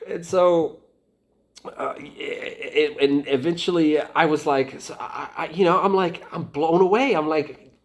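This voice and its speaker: A man from Atlanta telling a story in a casual, rambling way, with many halting restarts. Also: a little high. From Atlanta, United States. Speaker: volunteer fighter recounting experience.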